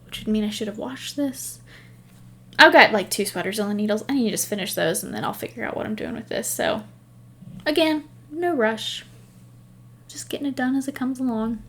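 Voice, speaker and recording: Woman, podcast host, casual rambling chat, laughs at herself, slightly high voice. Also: brisk. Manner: chatty, rambling storyteller.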